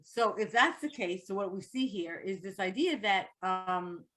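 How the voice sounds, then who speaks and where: A woman's voice: mid-range voice, lively intonation, a little slow, a bit bright. A woman teaching an online Torah class, reading Hebrew text and translating it line by line into English.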